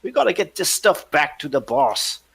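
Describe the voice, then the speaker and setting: A man voicing a gruff, greedy male boatman smuggler, coarse and boastful. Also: high-pitched, big pitch swings, normal speed, fairly bright tone, voice pushed up, exaggerated voice. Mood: gloating.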